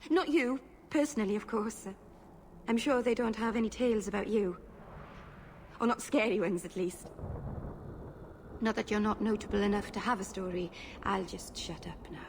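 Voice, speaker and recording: A woman's voice: medium pitch, moderate pace, long pauses, darkish tone, slight background noise, close to an everyday voice. A woman with a Welsh accent voicing a shy, rambling young elf mage in a video game, who talks awkwardly and trails off.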